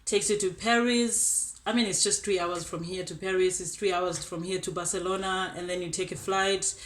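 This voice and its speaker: A woman's voice: fairly low pitch, fairly even intonation, moderate pace, fairly bright tone. Upbeat young South African woman, echoey room. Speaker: exchange student. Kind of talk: casual testimonial. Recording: roomy echo.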